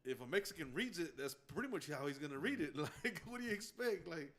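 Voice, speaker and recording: A man's voice: on the high side, lively intonation, fairly quick, a bit bright. A man co-hosting a podcast, chatting casually, swearing often and laughing as he rambles through a story. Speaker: podcast co-host. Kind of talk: casual chat.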